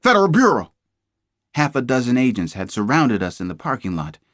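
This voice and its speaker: Male audiobook reader, tense first-person thriller, deep-ish voice, dry close read. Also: animated, fairly quick, dry recording. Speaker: audiobook narrator. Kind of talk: scripted first-person narration.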